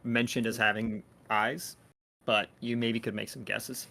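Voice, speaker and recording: A man's voice: mid-range voice, little pitch movement, unhurried, gravelly, pushed and bright. A man running a tabletop game as dungeon master, narrating scenes loosely with many fillers.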